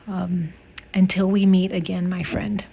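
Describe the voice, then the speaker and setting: A woman's voice: fairly low pitch, little pitch movement, unhurried, gravelly, dark tone, a little hiss or hum. A woman giving a heartfelt memorial tribute to a friend and colleague, speaking admiringly.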